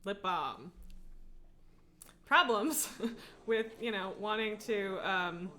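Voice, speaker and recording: A woman's voice: mid-range voice, very slow, sharp tone. A woman streaming a game from home, chatting casually, laughing often and cooing to her cat. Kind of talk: casual live-stream chat while gaming. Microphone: headphones on, desk setup.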